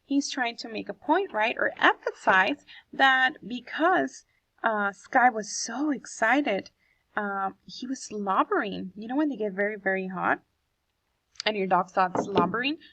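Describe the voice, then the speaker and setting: A woman's voice: on the high side, animated, measured pace, fairly bright tone, dry recording, poor audio. A woman teacher reading a poem aloud to children and explaining it, asking the class questions as she goes.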